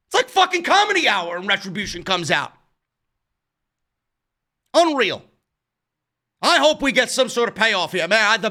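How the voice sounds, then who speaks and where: Brief: New York man, high bright voice, profane heated review rant. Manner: heated, swears a lot. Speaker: wrestling show reviewer.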